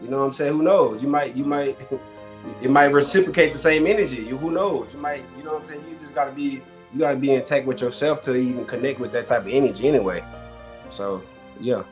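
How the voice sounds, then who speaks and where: A man's voice: medium pitch, quick pace, music in the background. A man arguing his point in a casual debate, emphatic and rambling, circling back over the same words. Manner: emphatic, rambling, repeats himself. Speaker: debate contestant.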